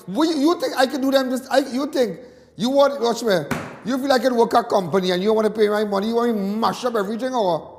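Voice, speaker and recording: A man's voice: very high voice, fast talker, long reverb tail, a little hiss or hum. A Trinidadian man calling in to a talk show, ranting with passion and repeating his points indignantly. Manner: impassioned, repetitive, indignant. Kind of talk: call-in talk radio rant.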